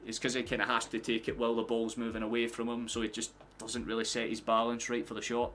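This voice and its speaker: A man's voice: mid-range voice, fast talker, a little hiss or hum. A young Scottish man live-streaming his reactions to a football match, chatting to viewers and swearing freely. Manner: excitable, swears often, erupts into shouting at goals.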